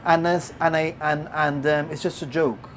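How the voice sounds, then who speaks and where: A host from Gibraltar telling a story in casual chat, turning loud and excited as it goes. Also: medium pitch, normal speed, slight background noise. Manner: animated, gets loud and excited when retelling.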